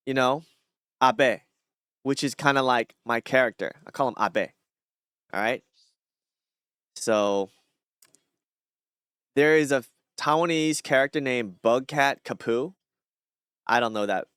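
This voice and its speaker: A man's voice: mid-range voice, a bit bright, clear, resonant tone, dry recording, studio quality. A man chatting casually on a live stream, rambling with many fillers and restarts.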